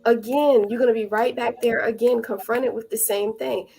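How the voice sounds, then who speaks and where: A woman around forty, appearing as a podcast guest, talks through her experiences in a casual spiritual interview. Her voice is a little high and darkish, with vocal fry, a steady tone, and a normal pace, and she tells her stories earnestly while acting out the quoted dialogue.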